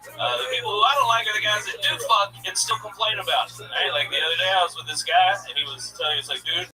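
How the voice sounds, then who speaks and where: A man doing stand-up on a club stage, telling crude stories flatly, then jumping into a high mocking voice. His voice is high for a man and sounds off-mic. Loud music plays underneath. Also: fast talker, far from the mic, low-quality recording. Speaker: stand-up comedian. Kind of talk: stand-up set.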